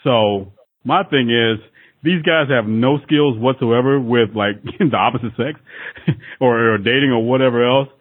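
A man's voice: medium pitch, measured pace. A man chatting casually on a podcast, laughing often and playfully acting out bits of dialogue. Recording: narrow phone-like sound.

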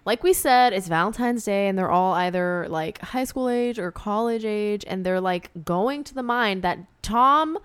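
A young woman co-hosting a podcast, chatting casually and lively about a movie. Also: medium pitch, clean tone, dry recording. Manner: lively, chatty, quick to agree. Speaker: podcast co-host.

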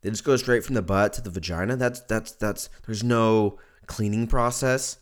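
A hoarse man hosting a podcast, talking in a casual, profane, joking rant and laughing at his own lines. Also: fairly low pitch, normal speed. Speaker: podcast host.

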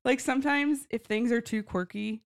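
A woman co-hosting a casual book club podcast, chatty and quick to laugh. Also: fairly high pitch. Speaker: podcast co-host.

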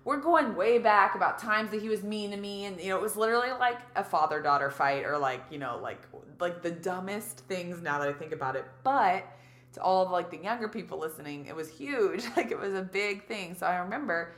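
A woman in her thirties, a guest casually telling a story, animated and acting out quotes, saying "like" a lot. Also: medium pitch, a little fast, roomy sound. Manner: animated, acts out quotes, heavy use of "like".

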